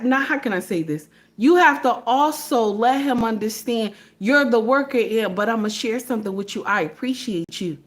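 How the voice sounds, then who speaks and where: Woman, high pitched voice, preachy commentary, rhetorical questions, addresses listeners as sisters. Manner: emphatic, asks rhetorical questions of her audience. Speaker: online commentator.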